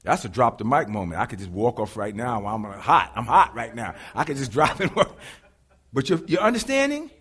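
A male pastor preaching a sermon, animated and confiding, talking straight to the congregation. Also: mid-range voice, brisk, husky.

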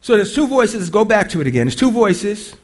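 A male preacher delivers a conversational sermon, stopping often to question his listeners. His voice is high for a man and swings widely in pitch. He often restarts and repeats his words as he talks it through. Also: very animated, fairly quick. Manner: conversational, quizzes the congregation, repeats himself.

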